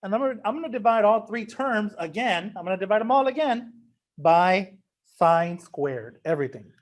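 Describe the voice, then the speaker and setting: A man's voice: sits high, animated, moderate pace. A man teaching a math lesson, casual and joking, talking straight to his students. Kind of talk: recorded class lecture.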